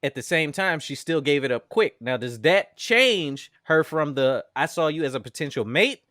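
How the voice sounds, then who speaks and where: Podcast co-host, excitable and slangy, fairly high voice that jumps around, close dry mic. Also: male voice, normal speed, no echo. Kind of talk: casual chat.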